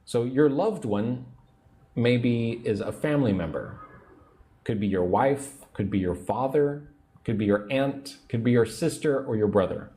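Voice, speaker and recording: A man teaching English on a livestream, speaking slowly and patiently and repeating phrases for learners. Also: medium pitch, warm tone. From United States.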